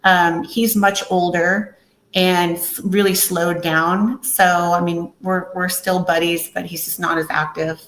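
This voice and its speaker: A woman's voice: on the low side, flat delivery, measured pace, fairly bright tone. A woman guest on a podcast, talking candidly and telling her story with acted-out quotes. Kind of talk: casual interview talk. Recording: echoey room.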